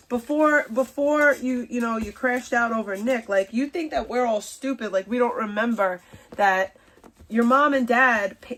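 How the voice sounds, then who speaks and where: A woman's voice: a little high, fairly bright tone. A young adult woman hosting a livestream, ranting angrily at someone in a profane, scolding way. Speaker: livestream host.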